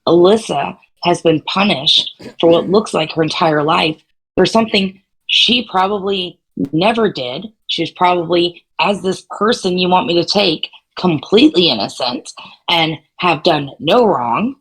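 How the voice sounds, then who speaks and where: A woman playing a blunt, crude, short female adventurer in a tabletop game, sharp-tongued and swearing freely. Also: on the low side, expressive, a little slow, husky, exaggerated voice, low-quality recording. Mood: defiant.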